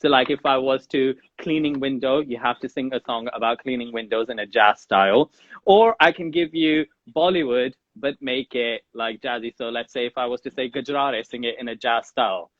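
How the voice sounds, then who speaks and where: A man's voice: mid-range voice, moderate pace, no room sound, muffled recording. A man hosting a podcast interview with Indian English speech, who sets playful challenges and counts down in an upbeat, teasing way. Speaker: podcast host.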